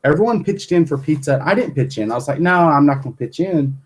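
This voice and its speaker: A man with a husky, slightly raspy voice, pitched a little higher than most men. He talks bluntly and casually, tossing in mild swearing. It sounds like relaxed, unscripted conversation. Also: fast. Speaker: guest and co-host. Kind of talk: casual chat.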